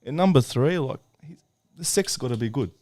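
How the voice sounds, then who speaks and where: A man voicing a blunt woman seeking a husband, in a flat, matter-of-fact joke delivery. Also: medium pitch, brisk, no echo, clean studio sound, close to an everyday voice.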